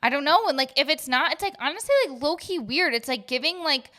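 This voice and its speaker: Bright, higher young woman podcast co-host, animated and chatty. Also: quick pace. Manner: animated, laughs often, heavy use of "like". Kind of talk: casual chat.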